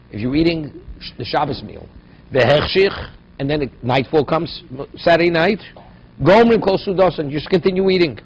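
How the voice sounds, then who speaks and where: Man teaching Talmud. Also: fairly high pitch. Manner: explains Aramaic phrases in English, asks "right?" often. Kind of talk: daily Talmud class. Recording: dull lo-fi recording with faint noise.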